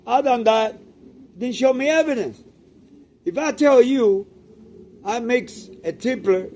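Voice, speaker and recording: A man's voice: sits high, dark tone, slight background noise. An older man from Cuba, a pigeon breeder talking casually to camera, emphatic and repetitive, often tagging "okay?" onto his points.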